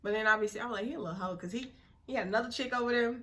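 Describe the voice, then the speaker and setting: A young woman telling a story in casual chat, blunt and slangy with quick asides. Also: on the high side, fairly bright tone.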